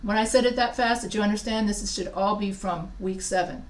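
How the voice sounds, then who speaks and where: A woman instructor explains grammar in a chatty, looping way, often stopping to ask if her students follow. Her voice carries from a distance, and the room gives it a noticeable echo. The pitch sits at an ordinary middle height. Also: brisk. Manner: chatty, repeats and restarts, checks in with students. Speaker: writing instructor. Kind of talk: live class lecture. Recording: echoey room, voice from far off.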